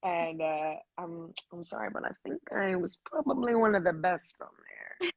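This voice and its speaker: A young woman with a slightly husky voice tells stories in a chatty, animated way, full of fillers and quick asides. She sounds close to the mic in a dry space, as if speaking on a live stream. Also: on the low side, no echo. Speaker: voice actress guest. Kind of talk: casual live-stream interview.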